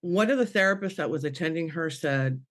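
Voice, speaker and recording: This middle-aged woman, a medium on a panel podcast, speaks a little fast in a low, animated voice while recounting an emotional personal story. Laughing through tears, she acts out quoted voices and keeps restarting her sentences.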